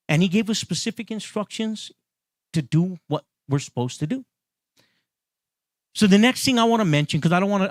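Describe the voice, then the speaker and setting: Preaching man, somewhat high voice. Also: dry recording, clean studio sound. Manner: conversational preaching with frequent restarts, rising emphatic repetition. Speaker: pastor. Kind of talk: sermon.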